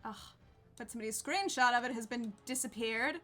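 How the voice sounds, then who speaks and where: A woman's voice: a little high, a little fast, a bit bright, faint music behind. A woman streaming a game, chatting casually with viewers, bubbly and laughing often. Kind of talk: casual gameplay chat with viewers.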